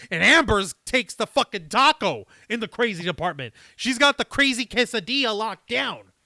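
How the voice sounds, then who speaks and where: A man hosting a live stream, chatting casually and reading viewer comments in a profane, rambling, animated way. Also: sits high, normal speed, creaky, hardly any pauses, no echo.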